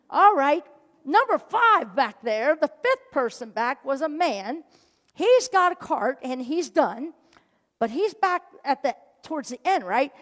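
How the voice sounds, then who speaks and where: Woman, minister, storytelling sermon, slow delivery, long church reverb. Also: sits high. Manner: animated storyteller, acting out quoted voices. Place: church sanctuary. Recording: hall reverb.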